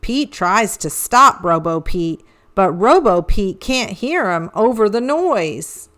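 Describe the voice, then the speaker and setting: A woman reading a children's storybook aloud with an expressive, animated storytelling manner. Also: medium pitch, takes it slowly. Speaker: children's book reader.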